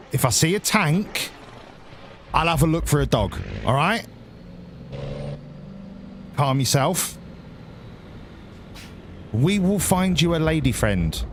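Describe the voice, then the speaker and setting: A man streaming a driving game, talking in a loose, sweary ramble full of restarts. His voice sits a little high and swings about animatedly. Engine and road noise from the game run clearly underneath. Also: big pitch swings, slow pace, long pauses, fairly bright tone. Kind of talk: casual live-stream chat.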